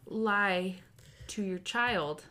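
A woman in her thirties telling a funny story in casual chat, acting out the quotes with an animated delivery. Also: mid-range voice, drawn-out words. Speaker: podcast co-host.

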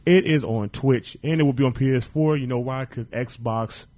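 A man's voice: mid-range voice, fairly quick, a crowd in the background. Profane laid-back male podcast host. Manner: profane, loose, joking. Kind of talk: casual podcast chat with show plugs.

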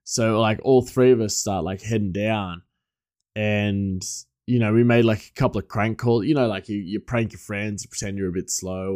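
A man's voice: fairly low pitch, a little mellow, no echo, clean studio sound. A man who works as a chef, telling a personal story in a casual, rambling way with lots of fillers. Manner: rambling, many fillers and restarts, laughs often.

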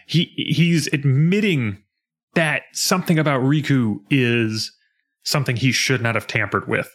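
A man co-hosting a podcast, chatting casually and retelling video game scenes in an animated way, quoting the characters as he goes. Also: medium pitch, moderate pace. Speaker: podcast co-host.

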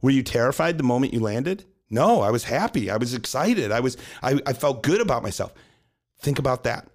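With a medium-pitched voice that moves through big pitch swings, a gymnastics coach talks fairly quickly about his method. The adult podcast co-host, who has a young daughter, keeps it casual, answering questions he raises himself and sprinkling in "right?".

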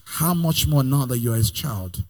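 A man preaching a sermon in a sing-song cadence, swelling loud, then dropping soft and slow between Bible readings. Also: mid-range voice, lively intonation. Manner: calls for Bible verses from assistants between readings.

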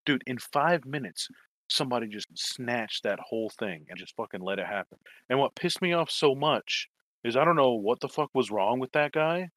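A man's voice: mid-range voice, animated, normal speed, a bit bright, dry recording. A man telling a long story in casual chat, swearing and rambling, acting out quoted lines. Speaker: toy collector telling a story.

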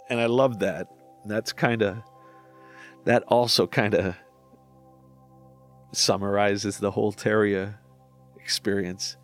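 A man's voice: fairly low pitch, fairly even intonation, unhurried, pauses often, faint music behind. A man in his forties talking through his own songs in a reflective podcast monologue, candid and self-deprecating, with casual swearing. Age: 40s.

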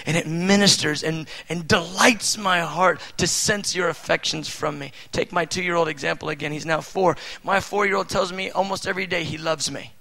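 High, gravelly preacher man. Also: fairly quick, rough recording. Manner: animated, rhetorical questions, bursts of loud emphasis. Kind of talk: sermon.

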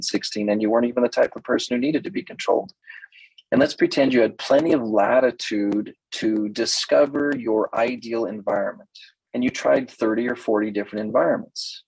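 A man's voice: medium pitch, a little mellow, husky, no echo, low-quality recording. An older man coaching women in a playful talk, often mimicking other people's voices. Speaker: relationship coach.

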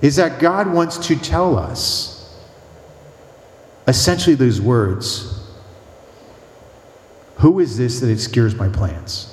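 Animated priest preaching in an echoey hall. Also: male voice, mid-range voice, slow, pauses often. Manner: animated storytelling preacher, rhythmic repetition. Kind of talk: Lenten mission talk.

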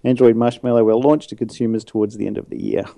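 Co-host, a man with a very dark tone who reads the news and slips in dry jokes. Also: mid-range voice, steady tone, quick pace, gravelly, dry recording. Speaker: podcast co-host. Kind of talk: reading tech news, casual chat.

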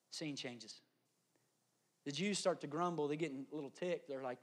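A middle-aged man preaching a sermon as pastor, acting out the voices in the story and swinging from loud, pressing lines to hushed whispers. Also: fairly high pitch, very animated, moderate pace, slightly rough. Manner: dramatic, swings from loud shouting to hushed whispers, acts out quotes.

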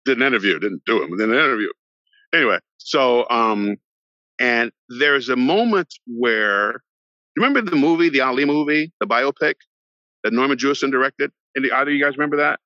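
A middle-aged man, an actor guest on a podcast, telling a long story in an animated way and acting out the voices of the people in it. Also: medium pitch, brisk, no echo. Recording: dull lo-fi sound, dry.

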